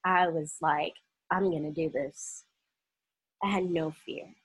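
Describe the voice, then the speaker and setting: A woman's voice: sits low, fairly even intonation, slow, breathy edge, low-quality recording. A young woman from Oklahoma telling a personal story in a casual vlog, acting out the voices of the people she quotes.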